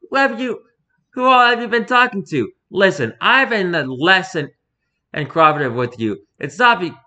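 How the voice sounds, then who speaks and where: A man's voice: sits high, pushed and bright. A man voicing a mocking, talkative male circus performer who rambles theatrically, read from an interview. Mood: defiant. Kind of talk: reading an interview aloud in character.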